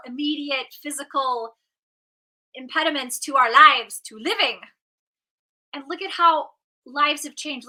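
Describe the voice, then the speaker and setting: A middle-aged woman coach giving an animated motivational talk, acting out inner voices as she goes. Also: sits high, rough recording. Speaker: positive intelligence coach.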